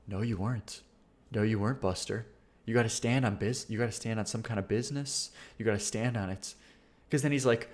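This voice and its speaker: A man's voice: lowish voice, brisk. Slangy young-sounding streamer guy, rambling. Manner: rambling, slangy, swears freely. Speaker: livestream host reviewing music. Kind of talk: casual livestream commentary.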